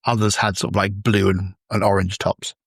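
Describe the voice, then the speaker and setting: A man's voice: fairly low pitch, level tone, normal speed, gravelly, husky, dry recording, studio quality. A man running a tabletop game, narrating the scene in a loose, improvised way full of "sort of" and "like". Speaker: game master.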